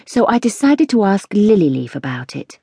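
A woman narrating a children's storybook in a lively, expressive reading. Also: mid-range voice, moderate pace, slightly rough, dry recording, clean studio sound. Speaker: audiobook narrator.

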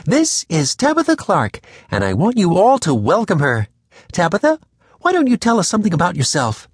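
A man's voice: sits high, wildly swooping pitch, normal speed, breathy edge, no room sound, clean studio sound, heavily acted. A man voicing a kind but firm middle-aged female schoolteacher in a children's audiobook. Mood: instructive. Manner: warm but firm teacher talk.

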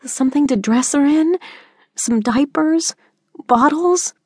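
A woman's voice: sits high, slow pace, no echo, pitched above the performer's own voice. A woman voicing a frightened teenage girl. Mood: pleading softly. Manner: soft, pleading, hushed. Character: frightened fifteen-year-old girl, pleading softly. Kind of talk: audiobook character voice. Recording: dry close studio sound.

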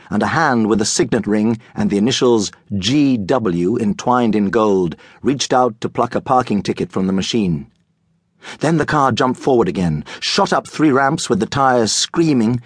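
A man narrating a children's audiobook in a lively, comic storytelling manner. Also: fairly low pitch, husky, dry recording, studio quality. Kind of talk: scripted children's book narration.

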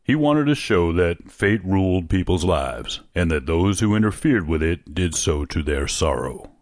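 A man reading an audiobook, voicing a solemn, dogged old sergeant major who speaks slowly and gravely. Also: sits low, big pitch swings, darkish tone, no room sound, clean studio sound. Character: grave old male soldier, solemn, weary.

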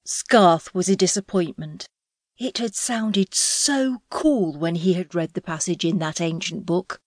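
Low-voiced woman narrating comically. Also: measured pace, dry recording, studio quality. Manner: wry, comic storytelling. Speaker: audiobook narrator. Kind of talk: scripted audiobook narration.

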